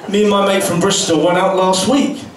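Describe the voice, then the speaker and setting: A man doing a deadpan stand-up comedy set with crude punchlines at a pub comedy night. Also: high-pitched, a little fast, a crowd in the background. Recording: roomy, distant pub recording with background noise.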